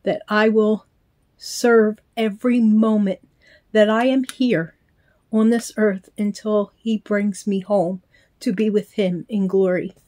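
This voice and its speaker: A woman's voice: medium pitch, steady tone, takes it slowly, warm tone. An older grandmother chatting casually to viewers, gushing and heartfelt, with frequent ums, filmed on a handheld phone in her small room at home. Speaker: reborn doll collector vlogger. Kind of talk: casual chat to camera.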